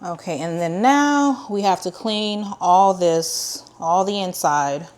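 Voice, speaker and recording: A woman with a lowish, slightly mellow voice talks slowly as she hosts a casual cooking tutorial. Her delivery is chatty and meandering, with many ums and restarts plus a few sarcastic, dry asides.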